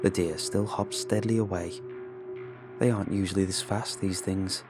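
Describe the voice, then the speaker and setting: Low-voiced man narrating a horror story. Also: steady tone. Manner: measured, grim storytelling. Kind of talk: scripted first-person horror narration. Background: background music.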